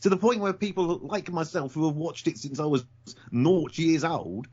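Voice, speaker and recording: A man's voice: on the high side, normal speed, a little mellow, slightly rough, muffled recording. A man co-hosting a podcast in casual chat, blunt and opinionated, often stumbling over his words. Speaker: podcast co-host.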